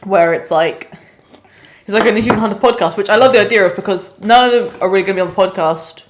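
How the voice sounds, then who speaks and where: A woman's voice: medium pitch, quick pace. A young woman co-hosting a casual podcast chat, rambling along with lots of "like" fillers. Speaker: podcast co-host.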